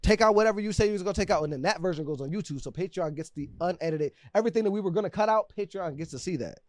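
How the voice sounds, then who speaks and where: A man's voice: sits high, racing, no room sound. A young man co-hosting a podcast, talking in heated, argumentative bursts and repeating himself to make his point. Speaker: podcast co-host. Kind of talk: casual chat.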